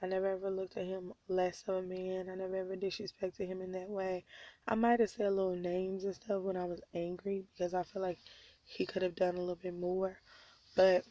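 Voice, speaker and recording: Weary young woman, flat voice. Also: lowish voice, brisk, no room sound, muffled recording. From born in North Carolina, raised in Oklahoma. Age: 20s. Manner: weary and subdued, talking openly about her troubles. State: slightly sore throat, coughing. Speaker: vlogger. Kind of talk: personal confessional vlog.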